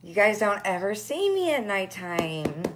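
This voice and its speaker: A woman's voice: mid-range voice, big pitch swings, unhurried, noisy background. A woman in her thirties chatting to her followers while teary and crying, laughing through her tears. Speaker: direct sales vlogger. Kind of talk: emotional casual live chat.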